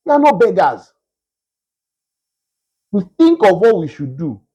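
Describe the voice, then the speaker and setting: A man preaching a sermon, emphatic and repetitive, with a husky voice. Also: sits high, wildly swooping pitch, a little slow, warm tone, muffled recording, soft background music. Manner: emphatic, repetitive, mimics beggars in a whiny voice.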